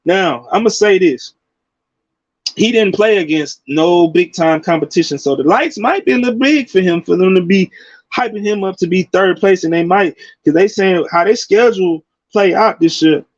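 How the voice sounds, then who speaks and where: A man in his forties giving casual, slangy college football commentary, animated, with loud bursts. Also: high-pitched, normal speed, no room sound, highs cut off. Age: 40s.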